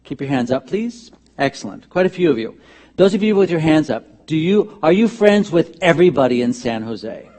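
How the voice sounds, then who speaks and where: Guy giving a chatty funny sermon in church, kinda high voice. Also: normal speed. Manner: conversational, humorous, animated asides. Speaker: minister. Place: church sanctuary.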